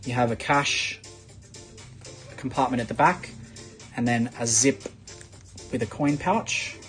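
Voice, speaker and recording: An Australian man hosting a live shopping stream, chatting in a casual sales pitch full of fillers. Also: slow, a bit bright, faint music behind.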